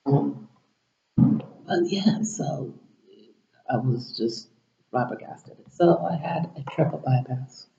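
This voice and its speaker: A man rambles through a personal story to camera, slipping into quoted dialogue and sometimes sinking to a whisper. His voice is very dark and gravelly. The recording sounds dull and lo-fi, in a roomy space. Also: medium pitch, slow pace, long pauses, a little hiss or hum. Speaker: vlogger.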